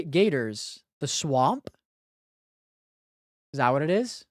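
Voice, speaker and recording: Profane, slow-talking live streamer. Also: medium pitch, sing-song, no room sound, clean studio sound. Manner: thinks aloud, blunt and profane banter with chat. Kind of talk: casual live-stream chat while solving word puzzles. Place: home streaming room.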